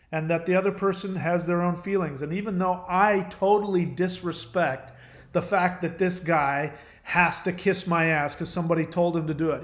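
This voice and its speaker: A middle-aged man from the United States talking in a casual monologue, rambling, blunt and profane, often hedging that he doesn't know. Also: on the high side. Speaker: host.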